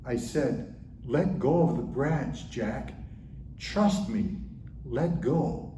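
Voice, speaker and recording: A man voicing God as a calm, patient voice from above, gently firm. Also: medium pitch, drawn-out words, echoey room, distant mic, a little hiss or hum.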